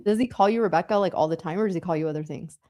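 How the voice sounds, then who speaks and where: A woman's voice: lowish voice, very fast, dark tone. A woman co-hosting a live trading stream, asking playful, teasing questions in casual chat.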